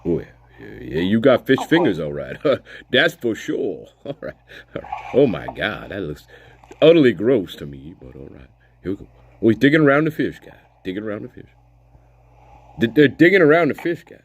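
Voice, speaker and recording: A man's voice: on the low side, very animated, normal speed, vocal fry, a little hiss or hum. A man commentating on a live stream in casual chat, laughing often and swearing as he reacts to video clips.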